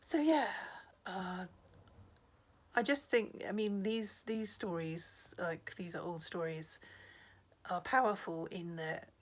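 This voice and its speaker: A woman retells old folk tales in a relaxed vlog. Her voice sits fairly low and she talks chattily, wandering into asides and pausing with ums. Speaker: storyteller. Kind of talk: casual storytelling vlog.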